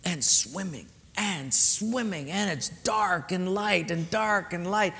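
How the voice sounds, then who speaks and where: A man's voice: high voice, slow, pushed and bright, slight background noise. A man preaching a sermon as a pastor, telling a story animatedly and acting out the dialogue. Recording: reverberant hall, faint ambience.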